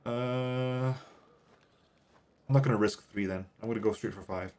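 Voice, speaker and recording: A man's voice: mid-range voice, normal speed, pauses often, darkish tone. A man streaming a game, reading it aloud and commenting in a wry, offhand way. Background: game music.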